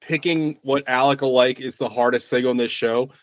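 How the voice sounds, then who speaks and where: A man co-hosting a casual movie podcast, talking excitedly with lots of filler words and swearing. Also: mid-range voice, normal speed, dry recording. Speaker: podcast co-host.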